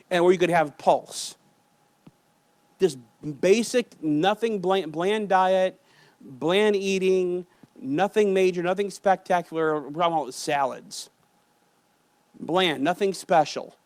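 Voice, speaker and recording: A man preaching a sermon in a church with an Ohio accent, loud and emphatic with joking asides. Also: high voice, no echo. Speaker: pastor. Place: church sanctuary.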